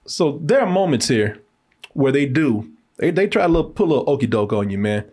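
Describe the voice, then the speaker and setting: A man hosting a podcast, reviewing a movie in slangy, animated, laughing casual chat. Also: medium pitch, brisk, slightly rough.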